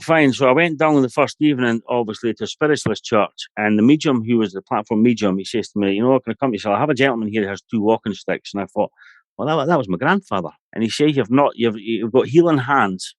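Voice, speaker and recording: Scottish guy, middle-aged, rambling story, lowish voice, dry close sound. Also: no echo. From Scotland. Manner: rambling, anecdotal, frequent "you know". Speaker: podcast guest, medium. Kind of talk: storytelling in a podcast interview.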